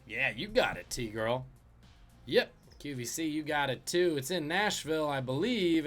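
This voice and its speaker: Man hosting a trivia stream, fairly high voice, jokey and lively, faint music behind. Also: moderate pace. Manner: lively, jokey, chatting with viewers between questions. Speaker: trivia game host.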